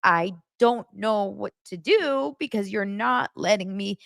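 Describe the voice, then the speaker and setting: A woman's voice: mid-range voice, a little slow, vocal fry, a bit bright, dry recording, clean studio sound, voice pushed up. A woman imitating a nervous young man who stammers and hedges as he explains himself. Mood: hesitant. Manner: hesitant, stammering.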